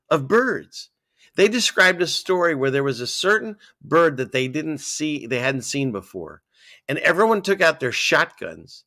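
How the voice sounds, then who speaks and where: Gravelly, bright-voiced rambling man. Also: medium pitch, dry recording, studio quality. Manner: excitable, rambling, jumps between topics. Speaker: livestream host. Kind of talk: casual chat reading viewer comments.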